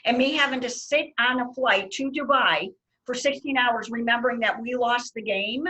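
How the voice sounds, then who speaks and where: A middle-aged woman hosting a casual chat, telling lively stories and laughing often. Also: a little high, moderate pace, low-quality recording. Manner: animated storyteller, laughs often. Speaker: host.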